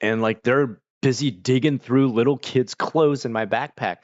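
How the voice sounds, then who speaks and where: An Australian man streaming, telling stories in a loose, rambling way, full of "like" and quick restarts. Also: medium pitch, darkish tone, lo-fi sound. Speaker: livestreamer. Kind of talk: casual chat.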